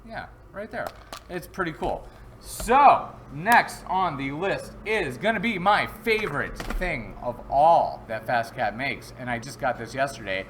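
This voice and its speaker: A man hosts a casual live-stream product review from home. He talks at an ordinary, mid-range pitch for a man and rambles along in a chatty, joking way. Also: expressive, unhurried, fairly bright tone, a little hiss or hum. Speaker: host.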